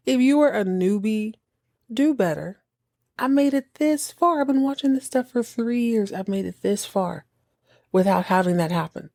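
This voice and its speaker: A woman hosting a podcast, reacting to a TV episode in casual, exasperated commentary, cursing freely and slipping into quick mocking impressions. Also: mid-range voice, no echo, studio quality. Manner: animated, exasperated, swears freely, mocks characters in quick impressions. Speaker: podcast host reacting to a TV show.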